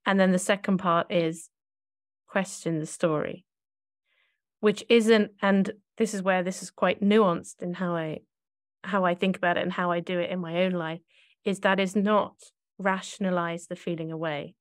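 A woman's voice: fairly low pitch, fairly even intonation, normal speed, no room sound, studio quality. A woman co-hosting a podcast, talking in a reflective, searching way and often correcting herself mid-thought. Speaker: podcast co-host.

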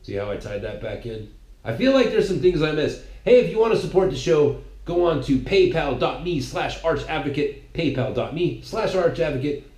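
A man's voice: a little high, expressive, normal speed, darkish tone. A man hosting his own show, preaching a mocking, opinionated solo monologue. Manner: preachy, mocking, with impressions of others. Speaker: podcast host. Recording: echoey room.

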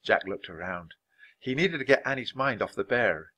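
Bright, expressive storybook reader man. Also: mid-range voice, moderate pace. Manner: expressive, clearly paced. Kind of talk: read-aloud narration for language learners.

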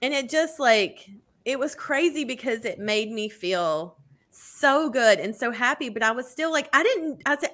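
A woman co-hosts a casual podcast chat with a bright, slightly high voice. She tells stories at length, fills them with "like" and "you know", and jumps up in pitch when she acts out what people said. The talk is loose and conversational. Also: unhurried. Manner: animated storytelling, acts out quotes with big pitch jumps; many fillers like "like" and "you know". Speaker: podcast co-host.

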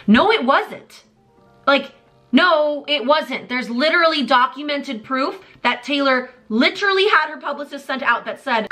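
Over soft background music, a high-pitched twenty-something YouTuber speaks at a moderate pace about celebrity drama. Her vlog commentary is sarcastic and exasperated, delivered as an animated rant.

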